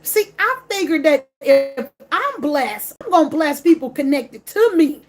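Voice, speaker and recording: A woman's voice: sits high, big pitch swings, a little slow. A woman, vlogging in an emphatic, repetitive, slangy rant straight to camera. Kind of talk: casual direct-to-camera rant.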